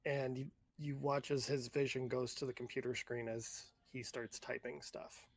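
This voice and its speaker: A man narrating a tabletop role-playing game as game master, describing scenes in a halting, searching way. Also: mid-range voice, little pitch movement, vocal fry.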